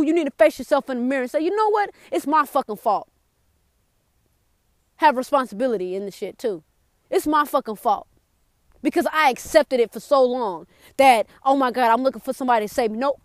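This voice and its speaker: Blunt, high-voiced woman host. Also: dry recording, studio quality. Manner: blunt, profane, animated, with mocking put-on whines. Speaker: podcast host. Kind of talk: motivational talk.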